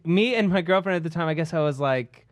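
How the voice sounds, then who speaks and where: A man's voice: on the high side, fast, no room sound. A young man co-hosting a podcast, telling rambling, self-mocking stories in casual chat. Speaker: podcast co-host.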